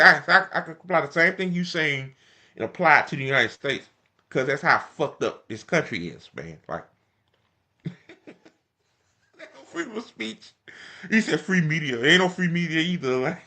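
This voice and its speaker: A man's voice: medium pitch, bright, forceful tone. A young man reacting to a political speech in casual, profane, mocking commentary.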